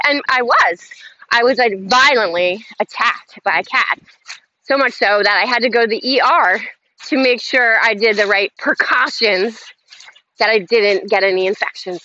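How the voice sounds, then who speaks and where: A woman with a fairly high pitch and a sharp tone hosts a motivational self-help session, emphatically leading chant-like affirmations at a slightly slow pace. The recording is lo-fi, slightly dull, with faint noise.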